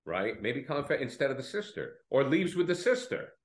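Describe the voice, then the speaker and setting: A man co-hosts a casual film discussion, rambling through his points with plenty of restarts. His pitch swings lively up and down, and the recording rings with a roomy echo. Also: a little fast. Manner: rambling, with false starts and self-corrections. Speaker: film podcast co-host.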